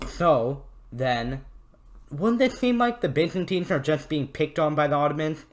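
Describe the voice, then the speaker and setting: A man's voice: a little high, expressive, a little slow. A man hosting a casual history video, joking and swearing as he rambles. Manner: irreverent, jokey, swears, rambles with fillers. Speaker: history channel host.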